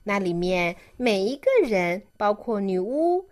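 A woman reading a picture book aloud to a child, slow and expressive, stopping to coax the child with questions. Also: medium pitch.

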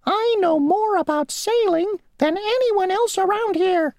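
A woman doing a squeaky tiny mosquito. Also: darkish tone, dry recording. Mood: boastful. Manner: squeaky, stern, drawn-out pronouncements. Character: tiny fussy male mosquito ferryman, rule-bound, boastful. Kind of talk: storybook reading.

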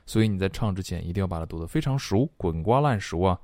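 A man leads an online English lesson in a low, dark voice. He explains quickly, then repeats each phrase slowly for learners. The recording is dry and close. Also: expressive, no echo. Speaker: English pronunciation and singing teacher.

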